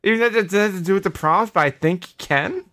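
A man's voice: high-pitched, fast talker, sharp tone. A man hosting a comedy podcast who explains the rules and often sounds exasperated while laughing along. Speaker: podcast host. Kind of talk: casual comedy chat.

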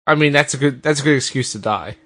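A man's voice: medium pitch, fast, sharp tone. A man co-hosting a comedy podcast, trading dry, teasing quips. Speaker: podcast co-host.

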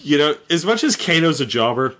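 Bright rambling storytelling guy. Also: on the high side, big pitch swings, fairly quick. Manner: rambling with many fillers and restarts, jokey. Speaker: storyteller host. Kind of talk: casual chat retelling a game plot.

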